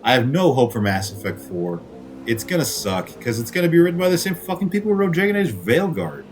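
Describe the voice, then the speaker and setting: A man's voice: medium pitch, sing-song, a little fast, a little hiss or hum. A man ranting angrily about video games, swearing often and firing off rhetorical questions. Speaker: gaming commentator. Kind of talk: angry profane rant.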